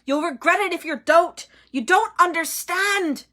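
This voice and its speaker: A woman voicing a gaunt, battered man who speaks quietly and urgently. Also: measured pace, exaggerated voice. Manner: low, quiet murmur.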